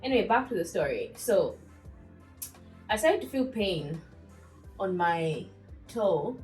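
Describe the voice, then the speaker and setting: A woman's voice: on the low side, slow, echoey room, faint music behind, rough recording. Chatty young woman telling a storytime. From Zambia. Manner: chatty, animated storytelling with asides. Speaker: beauty vlogger. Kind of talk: casual storytime while doing skincare.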